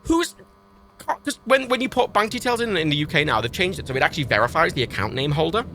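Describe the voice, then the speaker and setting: A man's voice: fairly high pitch, quick pace. A British man on a livestream, ranting in an exasperated way and swearing heavily as he talks. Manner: exasperated, heavy swearing, animated.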